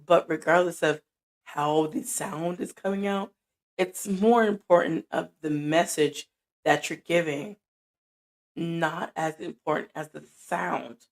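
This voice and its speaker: A middle-aged woman with a deep, soothing, grounded voice, giving a casual motivational talk and acting out both sides of conversations. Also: steady tone, takes it slowly. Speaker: podcaster. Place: indoor room at night.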